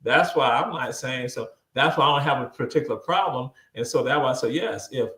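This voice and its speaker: A man, a guest on a video-call interview, telling a story in a lively way, often repeating words and acting out what people said. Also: mid-range voice, fairly quick, reverberant. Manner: animated, repeats words, acts out quoted voices.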